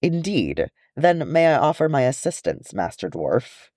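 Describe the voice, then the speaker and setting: A man's voice: mid-range voice, very animated, measured pace, a little mellow, no echo, studio quality, voice pushed up. A man voicing a haughty male elf who speaks coolly and with a sneer.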